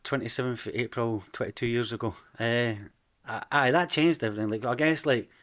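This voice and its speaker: A man's voice: mid-range voice, fairly quick, fairly bright tone. A man in his forties with an Edinburgh Scottish accent, a podcast guest telling his story frankly and casually, swearing freely. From Scotland.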